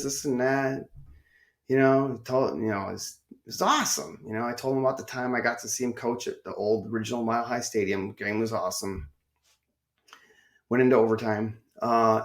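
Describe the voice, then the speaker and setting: Chatty middle-aged man telling stories. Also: mid-range voice. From northern Illinois. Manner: chatty, excitable, rambling with restarts. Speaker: podcast host. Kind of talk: casual storytelling.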